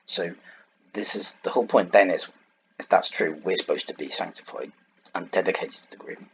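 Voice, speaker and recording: A man's voice: deep voice, moderate pace, fairly bright tone, highs cut off, a little hiss or hum. A man giving an informal Bible lesson over slides, wandering off on side points and searching aloud for the right word. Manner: digressive, thinks aloud and searches for words. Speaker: Bible teacher.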